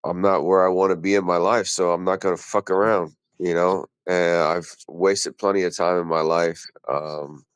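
A man's voice: low voice, fairly even intonation, normal speed, hardly any pauses, clean tone, no echo. A man chatting casually on a podcast, laid-back and rambling, swearing freely as he talks about his work. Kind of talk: casual chat.

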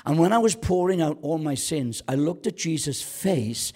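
Man, pastor, sermon, animated delivery, shouts then hushed storytelling, church. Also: a little high, moderate pace, few pauses. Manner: lively preaching, swings from shouting to quiet storytelling.

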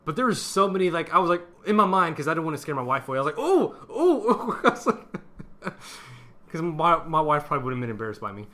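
A young man co-hosting a casual movie review podcast, excited and laughing, swearing freely. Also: fairly high pitch, racing, hardly any pauses. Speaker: podcast co-host.

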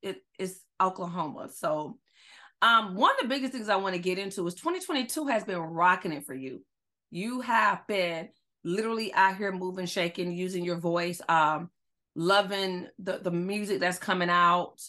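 A woman hosting a casual podcast interview, excited and chatty, often restarting her words. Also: lowish voice, moderate pace. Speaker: podcast host.

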